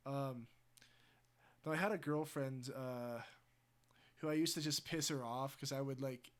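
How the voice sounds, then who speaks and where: A man's voice: medium pitch, measured pace, long pauses. A man livestreaming, rambling casually with crude language and laughing asides. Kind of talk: casual chat.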